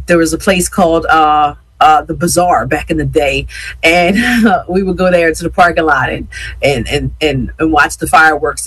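Husky-voiced chatty radio host. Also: mid-range voice, a bit bright, no echo, rough recording. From Yeadon, Pennsylvania. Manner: chatty, repeats words, addresses listeners as y'all. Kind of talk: casual chat with listeners.

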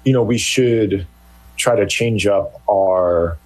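A man's voice: lowish voice, takes it slowly, darkish tone, low-quality recording. A man who is a journalist guest on an interview, answering hesitantly with many restarts.

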